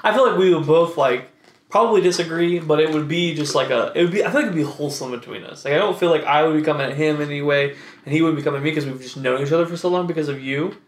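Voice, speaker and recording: A young man chatting casually on a podcast, laid-back and rambling, quick to laugh. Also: a little high, a little hiss or hum. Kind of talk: casual chat. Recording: echoey room.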